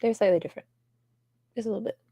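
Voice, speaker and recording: A woman co-hosting a casual livestream chat, playful, sometimes dropping into soft whispers as she shows off her toys. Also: medium pitch, rapid-fire, breathy edge, dry recording, studio quality. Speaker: co-host.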